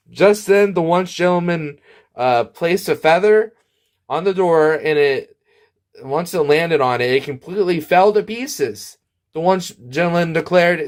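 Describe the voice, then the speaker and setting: A man spins an absurd tale in a deadpan, meandering delivery, stumbling over restarts and tossing out asides. His voice sits a little higher than most men's. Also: unhurried. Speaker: storyteller. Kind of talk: absurd comic storytime monologue.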